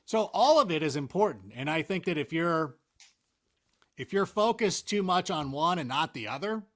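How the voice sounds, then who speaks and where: Appearing as a guest in a casual interview, a man who works as an NFL analyst talks in a fairly high voice that swoops up and down a lot. At a moderate pace, he rambles in an animated, self-mocking way, piling up "like" and restarts.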